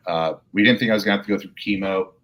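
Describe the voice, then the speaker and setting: A man's voice: low-pitched, fast talker, pushed and bright. A middle-aged man, a police officer and podcast guest, telling rambling, jokey stories about his life in an interview. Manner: rambling, jokey anecdotes with laughs. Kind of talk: storytelling interview.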